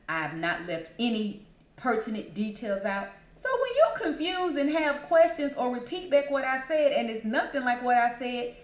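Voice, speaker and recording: A woman hosting her own show, talking casually and chattily about herself and calling listeners "baby". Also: medium pitch. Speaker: podcast host. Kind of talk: casual personal monologue. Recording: echoey room.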